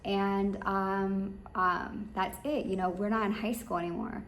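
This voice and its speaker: A woman's voice: mid-range voice, fairly even intonation, a little slow. A woman giving rambling, emphatic business advice straight to her listeners. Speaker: business coach. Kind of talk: advice monologue. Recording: echoey room with faint ambient noise.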